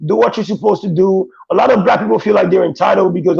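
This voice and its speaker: A man's voice: high voice, rapid-fire, vocal fry, hardly any pauses, darkish tone, slightly rough. A male guest in casual chat, telling stories in blunt, profane street talk. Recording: dull, dry lo-fi sound.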